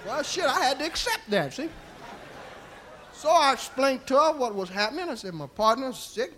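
A man's voice: extremely high pitch, very animated, normal speed, fairly bright tone, a little hiss or hum. A man telling a profane comic story in a drawling way, tagging his lines with "see?".

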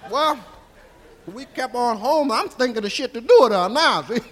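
A man's voice: very high voice, lively intonation, moderate pace, a bit bright, some chatter behind, heavily acted. A man playing an old, rambling country storyteller with a Southern accent, drawling and coarse in a stand-up character monologue. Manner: drawling, folksy, coarse, keeps asking "see?". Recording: live hall reverb.

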